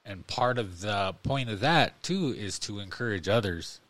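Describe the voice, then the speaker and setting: A man's voice: fairly low pitch, lively intonation, a little slow, fairly bright tone, no room sound. A man co-hosting a podcast in casual chat, rambling with lots of fillers and speaking in an earnest, encouraging way. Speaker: podcast co-host.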